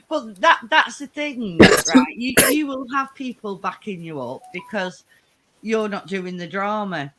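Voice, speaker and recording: A woman's voice: mid-range voice, slow, long pauses, a bit bright. Chatty, sweary Lancashire woman in her fifties. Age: 50s. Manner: chatty, laughs often, swears freely. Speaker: guest on a livestream. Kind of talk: casual chat.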